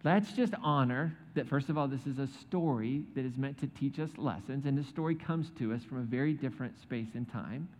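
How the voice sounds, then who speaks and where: A man's voice: medium pitch, fairly quick, hardly any pauses, darkish tone. A man preaching a sermon, retelling a scripture story with joking asides and acted-out quotes. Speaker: pastor. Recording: echoey hall, dull sound.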